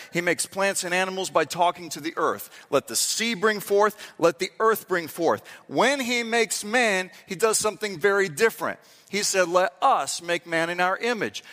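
A man preaching a sermon, stretching key words out slowly and acting out quoted lines for emphasis. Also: sits high, a bit bright. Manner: emphatic, drawn-out dramatic delivery with acted-out quotes. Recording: reverberant hall.

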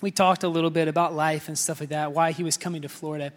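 A man's voice: a little high, level tone, quick pace, big-room sound. A man preaching a sermon with personal stories, talking casually with many fillers and calling out to the congregation.

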